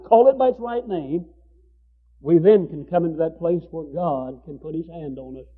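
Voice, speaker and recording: A man's voice: fairly high pitch, breathy edge, phone-quality sound. A man preaching a sermon with fervor, repeating phrases for emphasis.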